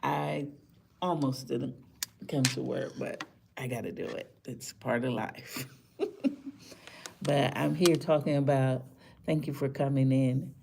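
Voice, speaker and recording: Tired woman live-streaming commentary, slow and gravelly, indignant and repetitive, faint room noise. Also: rumbling low, fairly even intonation. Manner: chatty, indignant, repeats words for emphasis. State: tired after a rough morning. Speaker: vlogger talking to live viewers.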